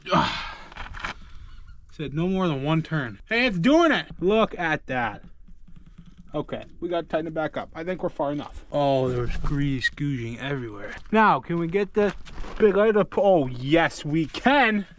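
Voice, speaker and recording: A man's voice: a little high, lively intonation, a little slow. Joking man in a noisy farm shop. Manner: self-deprecating, joking, thinks aloud. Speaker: farm vlogger doing equipment repairs. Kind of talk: casual running commentary while working.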